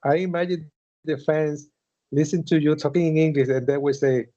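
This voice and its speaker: Guy hosting, kinda dark mellow voice, dull flat-sounding audio, keeps saying you know. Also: on the high side, moderate pace. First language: Spanish. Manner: friendly, repeats "you know", gives earnest advice. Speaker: wrestling interviewer, host. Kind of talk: casual interview.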